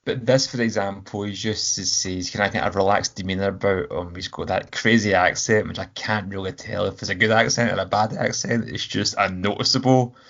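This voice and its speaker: A man's voice: fairly low pitch, steady tone, a little fast, vocal fry, hardly any pauses, a bit bright, a little hiss or hum. A man co-hosting a podcast, chatting enthusiastically about a film and acting out his own reactions. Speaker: podcast co-host. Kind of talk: casual film review chat. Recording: dull lo-fi sound.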